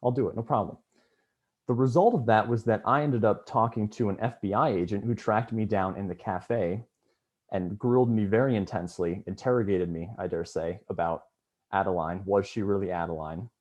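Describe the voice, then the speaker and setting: A young man with a low, mellow voice speaks at a farewell on a video call. He tells his story in a loose, rambling way, full of fillers and restarts. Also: normal speed, dull audio. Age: young adult. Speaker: student government member. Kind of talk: farewell speech at online meeting.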